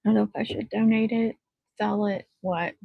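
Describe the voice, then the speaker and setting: A woman hosts a relaxed craft livestream, talking in a loose, rambling way at an everyday middle pitch. The sound is dry and a little dull, like a cheap home microphone. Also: normal speed, vocal fry, no room sound. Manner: rambling, chatty, talks to her dog. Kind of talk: casual chat on a livestream.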